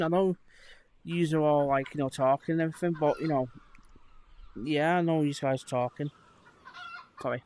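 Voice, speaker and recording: A man hosting a laid-back live stream in a VR headset, talking in a fairly high voice. He rambles along with many fillers and asides to his chat. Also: darkish tone, slight background noise. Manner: rambling, chatty, frequent fillers and laughs.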